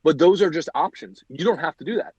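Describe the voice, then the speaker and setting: A man hosting a podcast, animated and argumentative as he makes his case in casual talk. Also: a little high, quick pace, husky, dry recording, muffled recording. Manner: animated, argumentative, many fillers. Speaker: podcast host. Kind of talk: casual chat.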